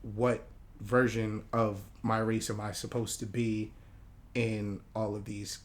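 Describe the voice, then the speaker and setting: Speaking slowly in a fairly low voice with flat delivery, a podcast guest raised in Hawaii chats casually. He's reflective and frequently hunts for the right words.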